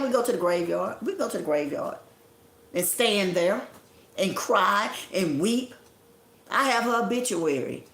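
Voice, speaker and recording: A woman's voice: medium pitch, expressive, measured pace, a bit bright. A grieving woman delivers a passionate, preaching livestream monologue. Her voice carries a noticeable echo from the room around her. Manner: impassioned, preaching and scolding. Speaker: livestream host. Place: indoor room at home.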